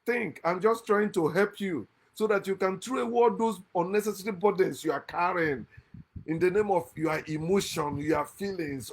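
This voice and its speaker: Man hosting his own channel, emphatic lecturing monologue, raised pitch, bursts of laughter. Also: moderate pace. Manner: emphatic, lecturing, swings from loud outbursts to quiet asides; laughs often mid-speech. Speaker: channel host. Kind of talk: impassioned monologue against religion. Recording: lives in America.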